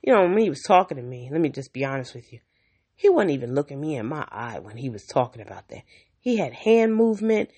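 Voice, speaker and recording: In a very deep, husky, darkish voice with a sing-song lilt, a woman vlogger talks fast and candidly to the camera. Her casual monologue is blunt, sometimes profane, and she impersonates the people she quotes while telling her story.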